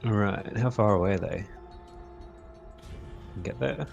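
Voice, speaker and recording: Man, player, gravelly low voice, dull lo-fi recording. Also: measured pace, music in the background. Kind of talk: tabletop game play.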